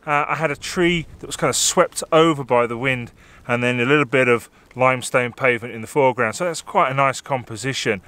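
A landscape photographer and workshop host from southern England talks to camera on snowy, windy hills, recorded through a small on-camera mic with wind behind him. His medium-pitched voice is fairly quick and sharp in tone. He's chatty and self-deprecating, slipping in light jokes.

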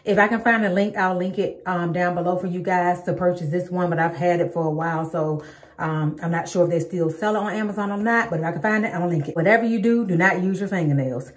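A woman's voice: lowish voice, quick pace. Chatty woman vlogger in an echoey room. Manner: chatty, addresses viewers as y'all, many ums. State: out of breath. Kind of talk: casual hair-care tutorial vlog. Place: home, indoors.

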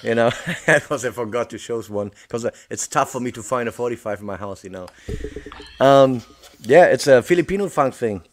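A man's voice: medium pitch, lively intonation, a little fast. A man, a guest DJ chatting casually and easygoingly on a video call. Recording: noisy audio with clicks.

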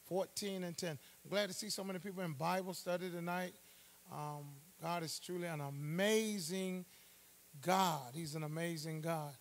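Gravelly high-voiced male preacher. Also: moderate pace. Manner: preaching with call-and-response, swelling to loud emphasis. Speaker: pastor. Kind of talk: Bible study sermon. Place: church.

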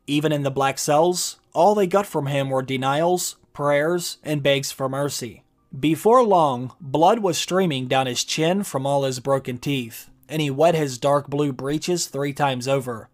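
A man narrating a video essay and reading a book passage aloud, measured and explanatory. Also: on the high side.

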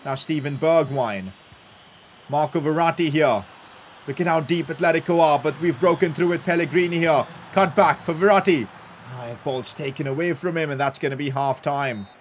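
A young man doing live commentary over a football video game, calm play-by-play breaking into loud excited outbursts. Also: mid-range voice, slight background noise. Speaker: gaming YouTuber.

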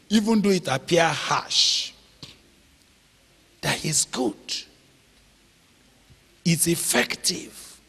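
A man preaching a sermon, slow and emphatic, drawing out phrases and checking in with the audience. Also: on the high side, fairly bright tone, breathy edge. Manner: slow, emphatic, drawn-out phrases with call-and-response questions. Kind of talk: sermon teaching. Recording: long hall reverb.

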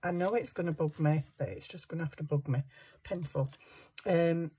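A woman's voice: low voice, normal speed, warm tone, husky. A woman making a junk journal, chatting to herself as she works. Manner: chatty, talks to herself while working. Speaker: crafting vlogger. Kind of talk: casual crafting chat.

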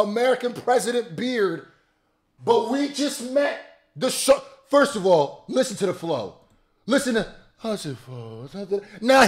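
A man, a rapper, giving casual, animated commentary full of slang and exclamations while reacting to a music video. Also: very high-pitched.

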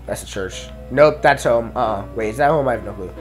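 A man's voice: medium pitch, a little fast, soft background music. A man giving casual let's play commentary, mumbling and thinking aloud as he explores. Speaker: gameplay commentator.

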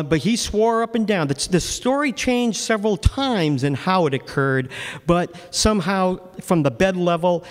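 Wry man telling history in a hall. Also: on the high side. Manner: casual, wry storytelling with many fillers. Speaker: local author giving a book talk. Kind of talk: storytelling lecture to an audience.

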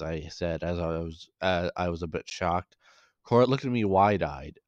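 A man's voice: low voice, moderate pace, no room sound, dull audio. A man reading a fan fiction story aloud, voicing every character in his own voice, with small slips as he reads. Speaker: story reader.

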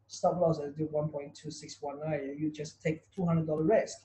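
A man teaches an online trading class, repeating points and firing rhetorical questions at his students. His voice sits high for a man, with a soft, mellow tone. The sound is roomy, with a clear echo. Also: flat delivery, normal speed, slight background noise. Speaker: trading tutor. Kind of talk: online webinar lesson.

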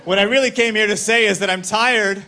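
A man performing a stand-up comedy set on a TV studio stage, telling his bits in an animated, playful way. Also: sits high, a little fast, a crowd in the background, background noise.

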